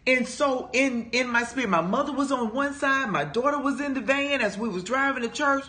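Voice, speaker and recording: A woman in her fifties shares a personal testimony during a Bible study. Her voice is bright and forceful, and her storytelling is animated and emphatic, as if she is talking right to a room of friends. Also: high-pitched, normal speed. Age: 50s. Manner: animated, emphatic storytelling, addressing listeners as "y'all".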